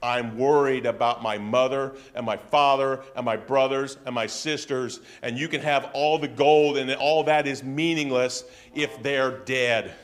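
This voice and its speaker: A man's voice: mid-range voice, fairly even intonation, unhurried, hardly any pauses, close to an everyday voice. A male pastor voicing a worried woman who earnestly pleads for her family's lives, as in a retold scripture story. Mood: earnest pleading.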